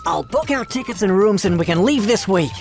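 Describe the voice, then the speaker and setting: A cheerful, generous father, voiced by a woman, upbeat with a lively, rising and falling delivery. Gentle music plays underneath. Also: mid-range voice, fairly quick, lightly acted. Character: cheerful, newly rich father.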